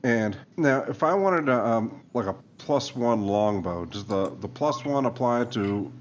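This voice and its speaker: A man's voice: mid-range voice, expressive, unhurried, a little hiss or hum. A man playing a tabletop game, hesitant and full of questions about the rules. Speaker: player. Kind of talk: casual tabletop chat.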